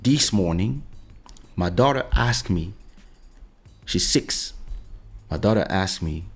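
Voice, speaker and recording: A man's voice: deep voice, animated, moderate pace, long pauses, husky, soft background music. A middle-aged man hosting a podcast, talking casually and telling a story, often saying "listen". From France. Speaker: podcast host. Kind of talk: casual monologue.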